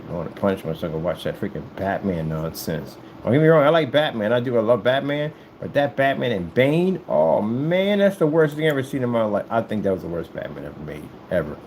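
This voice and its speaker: A man rambling casually to the camera as he works, animated and joking, often jumping into a high falsetto. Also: a little fast, few pauses, a little hiss or hum, low-quality recording. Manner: animated, jumps into high falsetto sing-song and joking voices. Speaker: vlogger. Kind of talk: casual rambling monologue while working.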